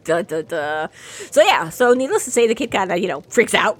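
A woman casually recapping a novel with a friend, animated and laughing, acting out the characters' lines. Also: medium pitch, moderate pace. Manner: animated, laughing, acts out quotes. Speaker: podcast co-host. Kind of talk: casual chat recapping a book.

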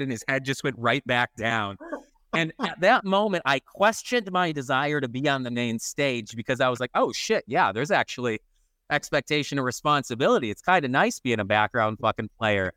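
Bright, crisp man telling a swearing story. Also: a little high, no room sound, studio quality. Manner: swears constantly while telling a rambling comic anecdote; self-mocking storyteller. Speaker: podcast co-host, photographer. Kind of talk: casual podcast chat.

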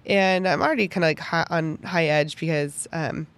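A young woman hosting a podcast, telling a personal story in an animated, chatty way full of "like" fillers. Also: deep voice, moderate pace. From Pittsburgh, United States. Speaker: podcast host.

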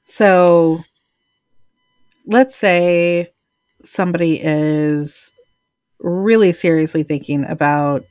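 A woman co-hosting a casual podcast, talking in an animated way with quick interjections. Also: low-pitched, no echo, clean studio sound. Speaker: podcast co-host.

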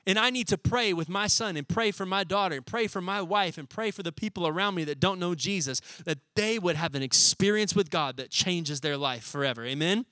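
A young man preaching a sermon as pastor, talking in a lively, casual way and acting out little scenes as he goes. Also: high-pitched, dry recording. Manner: animated, conversational, acts out scenes in quick voices.

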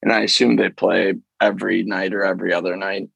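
Gravelly-voiced man in casual sports chat. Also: low voice, little pitch movement, quick pace, a bit bright, no room sound, dull audio. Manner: easygoing, rambling, many fillers. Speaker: podcast co-host.

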